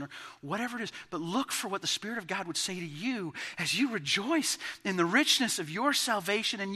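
A man preaching a sermon as pastor, impassioned and building to emphatic peaks, with quiet asides, in a church sanctuary. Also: high-pitched, lively intonation, a little fast, husky. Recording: long hall reverb.

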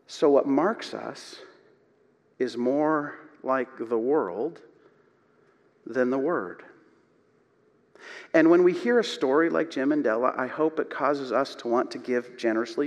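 A man preaching a sermon as pastor, retelling a story slowly and dramatically with hushed emotional passages. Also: mid-range voice. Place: church sanctuary. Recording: long hall reverb.

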